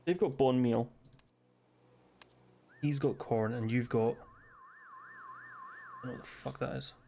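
A man's voice: mid-range voice, fairly even intonation, a little slow, vocal fry, dark tone, a little hiss or hum. A Scottish man streaming a game live, joking crudely and reading game text aloud hesitantly. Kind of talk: casual live-stream commentary.

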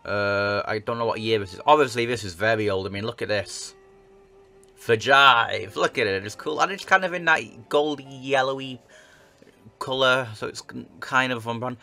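A man's voice: on the low side, brisk, creaky, sharp tone, faint music behind. A young man hosting a casual let's-play, chatting and joking about himself as he plays a game. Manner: chatty, self-mocking, reads on-screen game text aloud. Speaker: gaming video host.

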